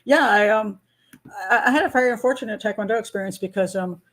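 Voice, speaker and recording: A woman's voice: mid-range voice, fast talker, fairly bright tone. An older American woman hosting a live patron hangout, chatting casually, laughing often and rambling through restarts. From United States. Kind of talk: casual live-stream chat.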